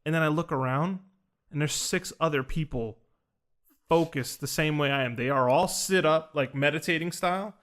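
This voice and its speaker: Rambling young man, fairly high voice. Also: moderate pace, a bit bright. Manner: earnest, rambling with many "like" fillers and restarts. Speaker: podcast host recounting a ceremony. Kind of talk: casual conversational storytelling.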